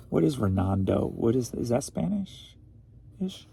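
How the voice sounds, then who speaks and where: A man's voice: medium pitch, big pitch swings, measured pace, vocal fry, mellow, slight background noise. A man who resells online, chatting through his recent sales in a goofy, rambling way with jokey asides. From St. Louis area, USA. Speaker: eBay reseller. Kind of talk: casual rambling sales recap.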